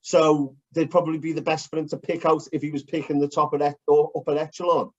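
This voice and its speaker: A man co-hosting a casual chat, blunt and animated, swearing as he breaks down fight technique. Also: fairly high pitch, fast talker. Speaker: podcast co-host. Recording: dull lo-fi recording.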